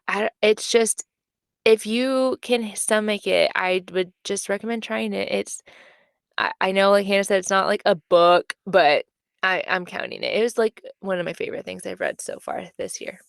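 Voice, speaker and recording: Young woman podcast cohost, gravelly and smooth, lots of likes and ums, dry close mic. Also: mid-range voice, moderate pace, no echo. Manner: chatty, filler-heavy, emphatic. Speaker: podcast co-host. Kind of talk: casual book chat.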